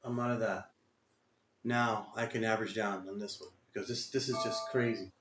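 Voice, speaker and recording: A man's voice: on the low side, steady tone, moderate pace, a bit bright, reverberant, a little hiss or hum. A man streaming his day trading live, talking to himself and exclaiming in frustration at the market. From Texas.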